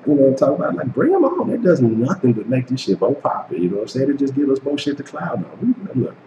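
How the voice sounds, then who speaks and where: A man's voice: medium pitch, expressive, racing, dark tone, lo-fi sound. Profane Texan man ranting in a roomy space. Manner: profane, repetitive, taunting. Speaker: sports live stream host. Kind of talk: heated casual rant at trolls. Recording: echoey room with faint noise.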